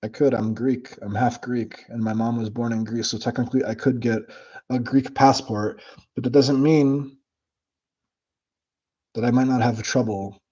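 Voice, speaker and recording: A man's voice: medium pitch, normal speed, husky, lo-fi sound. Blunt, profane man livestreaming. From United States. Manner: blunt, profane, animated, mocking. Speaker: livestream host. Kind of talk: casual livestream chat reading comments.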